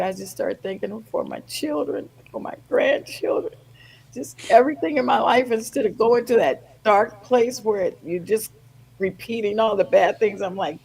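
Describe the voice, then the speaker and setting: A woman's voice: a little high, normal speed, creaky, slightly rough, low-quality recording. An older woman guest on a podcast, telling a personal story with feeling and acting out the voices in it. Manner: animated, acts out quoted voices.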